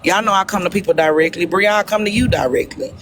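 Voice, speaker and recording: A woman's voice: mid-range voice, fast talker, noisy background. A woman speaking in a heated live-stream argument, confrontational and accusatory. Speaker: live-stream debate participant.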